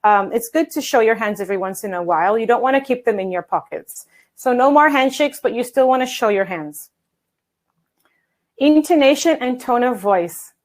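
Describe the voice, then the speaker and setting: A woman English coach giving an online workshop talk from a standing desk, energetic and chatty, calling her viewers guys. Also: on the high side, normal speed, low-quality recording. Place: home office at a standing desk. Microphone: video call.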